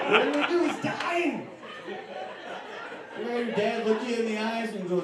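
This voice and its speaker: A man's voice: high voice, animated, very slow, long pauses, a crowd in the background. A young man from Louisiana doing a stand-up comedy set on a club stage, casual and confiding with punchy delivery. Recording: echoey club room from far off.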